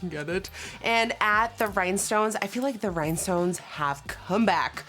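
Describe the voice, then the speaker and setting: A woman's voice: medium pitch, faint music behind. A woman, chatting as a beauty vlogger and telling a story while doing her makeup. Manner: animated, acts out quotes, fast asides.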